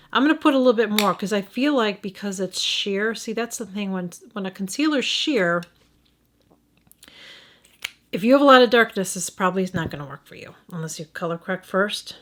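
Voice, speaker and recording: A middle-aged woman with a Midwestern American accent talks through a makeup review in a casual, conversational way. She thinks out loud and often trails off, then restarts and corrects herself. Her voice sits at an ordinary middle pitch for a woman. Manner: thinking aloud, hesitant, frequent restarts and self-corrections. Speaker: beauty vlogger.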